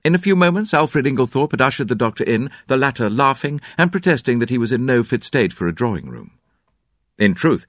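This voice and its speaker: A man narrating a classic detective novel in an expressive, dramatic storytelling manner. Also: medium pitch, no room sound, clean studio sound. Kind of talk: audiobook narration.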